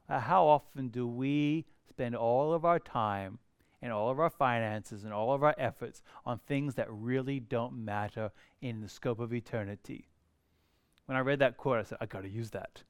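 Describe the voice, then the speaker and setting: A man preaching a sermon as pastor, earnest, rising to emphatic bursts and dropping low and quiet. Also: clear, resonant tone, no echo, clean studio sound.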